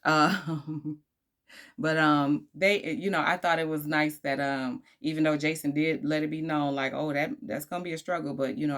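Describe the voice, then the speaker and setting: A woman casually reviewing a dating show, sassy and slangy, breaking into laughing asides, tired from recording late at night. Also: low voice.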